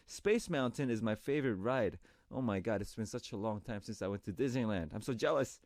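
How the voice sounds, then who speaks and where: A man hosting a radio show, chatting warmly and reading listener messages on air. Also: fairly low pitch, animated, fairly quick, no room sound, studio quality. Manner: upbeat and chatty, reads messages in a brighter voice. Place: radio studio.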